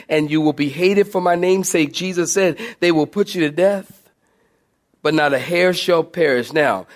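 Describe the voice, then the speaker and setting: High-voiced pastor telling a lively story. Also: male voice. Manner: storytelling, animated and humorous; southern-style "y'all" to congregation. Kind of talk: sermon.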